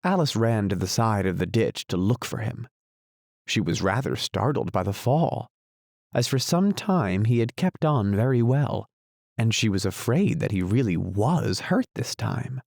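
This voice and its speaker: A man reads a classic storybook aloud in a measured, even way. His low voice carries a gravelly texture, and the recording is close and dry. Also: no room sound. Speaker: audiobook narrator. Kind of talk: storybook narration.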